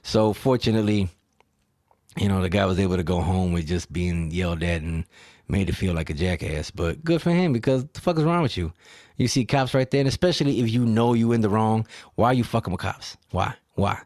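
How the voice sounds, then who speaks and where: A man's voice: lowish voice, brisk, dry recording, studio quality. A man hosting a solo podcast, telling stories in a profane, emphatic way with rhetorical questions. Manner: profane, animated storyteller acting out quotes. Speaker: podcast host.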